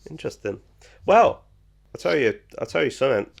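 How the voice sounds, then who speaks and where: Man, podcast co-host, gravelly low edge, reads trivia casually with lots of ums and jokes. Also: very animated, fairly quick, dull audio. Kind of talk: casual chat.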